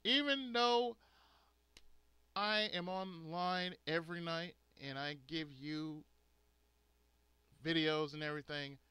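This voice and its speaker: A man's voice: a little high, slow pace, long pauses, bright, forceful tone, smooth, no room sound. A man hosting a gaming channel, ranting angrily and profanely to his subscribers, stressing words hard. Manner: angry, profane, emphatic ranting. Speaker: gaming video host. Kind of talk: angry rant to subscribers.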